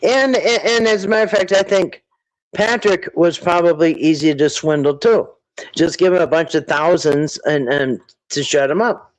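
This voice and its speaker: Guy rambling on a livestream, reading chat, kinda high voice, thinks out loud. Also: moderate pace, low-quality recording. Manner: rambling, thinks aloud, quotes people in put-on voices. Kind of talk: casual commentary livestream.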